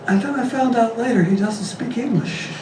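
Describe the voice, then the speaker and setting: Stand-up comic, male, deadpan joke-teller, high voice, echoey club, distant mic, faint room hum. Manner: deadpan, rapid-fire one-liners, chuckles at his own jokes. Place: comedy club stage.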